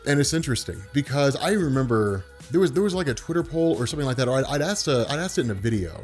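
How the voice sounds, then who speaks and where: Relaxed and in no rush, this male vlogger speaks to camera from the diaphragm in a medium-pitched voice that carries and commands attention. Soft music sits in the background.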